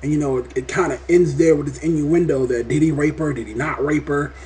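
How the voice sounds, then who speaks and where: A man reviewing a TV episode in a casual vlog, talking in an animated, rambling way and swearing often. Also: a little high, fairly quick, a little hiss or hum. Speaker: TV show reviewer.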